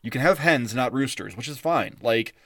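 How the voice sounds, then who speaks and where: A man's voice: medium pitch, lively intonation, normal speed, a bit bright, no room sound. Rambling man podcaster, dry sound. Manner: rambling, laughs often, frequent fillers. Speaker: podcast co-host. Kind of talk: casual chat.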